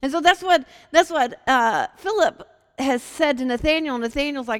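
Woman from virginia teaching the bible, super animated, does little voices for quotes, big echoey room. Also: sits high, moderate pace. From Hampton, Virginia.

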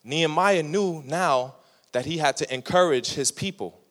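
A man's voice: on the high side, moderate pace, big-room sound. A young man preaching to a youth group, telling a story and acting out the voices of the people in it. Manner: animated, acts out voices in his stories. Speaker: youth pastor. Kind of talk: sermon with storytelling.

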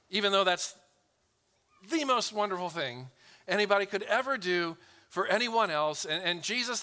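A man delivers a sermon in an earnest, unhurried way, doubling words as he starts a thought and slowing to read verses aloud. His voice is bright and smooth, sitting slightly above the usual male pitch. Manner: earnest, repeats words when starting phrases, slows down to read scripture. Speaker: pastor.

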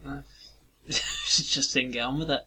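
A man co-hosting a podcast, chatting casually in a quick, mumbled, hesitant way. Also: mid-range voice, steady tone, sharp tone, slight background noise. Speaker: podcast co-host.

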